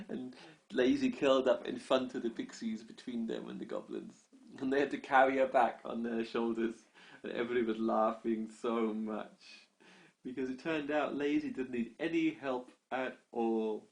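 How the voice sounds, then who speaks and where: A parent spins an improvised bedtime story in a soft, unhurried voice of middling pitch, often sinking low and hushed. The telling is gentle and conversational, pausing to answer a child's questions.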